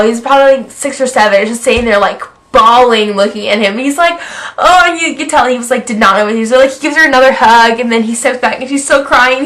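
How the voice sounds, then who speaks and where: A woman's voice: mid-range voice, fairly bright tone. A young woman vlogger gushing about a film festival, talking casually with constant "like" fillers. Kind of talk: excited fan recap vlog.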